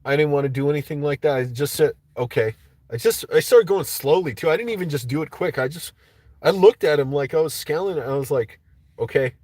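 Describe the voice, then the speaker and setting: A man ranting on a casual livestream, swearing freely and getting worked up as he talks. His voice sits a bit higher than most men's, and the sound is close and dry with no room echo. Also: fast talker, darkish tone. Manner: profane, agitated ranting. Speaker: livestream host.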